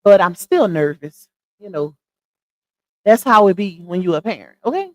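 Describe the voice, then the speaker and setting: A middle-aged woman, chatting casually with viewers on a live stream and giving her opinions in an animated, talkative way. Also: medium pitch, normal speed, poor audio. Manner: chatty, animated, addresses viewers as y'all and child. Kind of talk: casual chat commentary.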